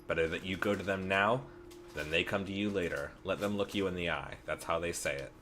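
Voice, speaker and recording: A man's voice: deep voice, a little fast, close to an everyday voice. Man reading an earnest young doctor. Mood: urgent. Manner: reads game dialogue aloud, urgent.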